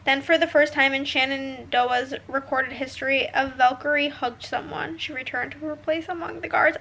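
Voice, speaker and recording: A woman's voice: high-pitched, fairly even intonation, normal speed, few pauses, a bit bright, rough recording. A young woman book vlogger reading passages aloud and reacting emotionally in a casual vlog. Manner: emotional, gushing, reads quotes then reacts.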